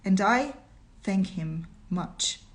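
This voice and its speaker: Woman reading as a quiet young woman, dazed and subdued, soft voice, storybook. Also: mid-range voice, animated, extremely slow.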